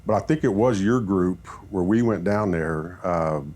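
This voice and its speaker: A man who coaches football, telling animated stories in a podcast chat and acting out what people said. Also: sits low, measured pace. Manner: animated storyteller, acts out quoted talk.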